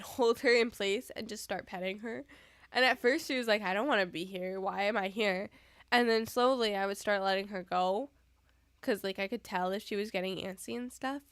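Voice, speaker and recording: A woman's voice: mid-range voice, fairly bright tone, clean tone, dry recording, studio quality. A young woman in casual chat to her viewers at home, sleepy and yawning, often giggling. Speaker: streamer. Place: indoors at home.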